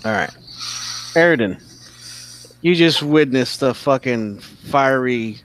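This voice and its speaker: A man's voice: mid-range voice, expressive, slow pace, a bit bright, dry recording. A man narrating a tabletop game as game master, telling the action in vivid, profane detail.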